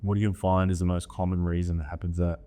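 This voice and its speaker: Podcast host guy, really low smooth voice, slow thoughtful questions with ums. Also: flat delivery, mellow. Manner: hesitant, thoughtful, with fillers. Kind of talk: interview questions.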